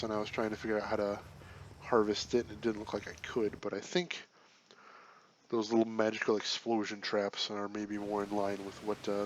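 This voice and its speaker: A man's voice: on the low side, a little hiss or hum. Chatty, laughing gameplay commentator, man. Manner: chatty, jokey, laughs often, playfully pedantic. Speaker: gaming channel host. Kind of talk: let's play commentary.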